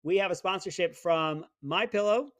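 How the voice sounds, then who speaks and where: A man's voice: high-pitched, moderate pace, dry recording. A middle-aged man from the American South hosting a casual show, talking with sarcastic, joking asides and ribbing his listeners. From United States. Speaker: show host. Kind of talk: casual political commentary.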